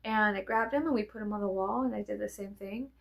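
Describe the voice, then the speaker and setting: A woman, telling rambling stories in a chatty, profane, animated way. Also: medium pitch, quick pace, vocal fry. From American South. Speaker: vlogger. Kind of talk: rambling casual storytelling.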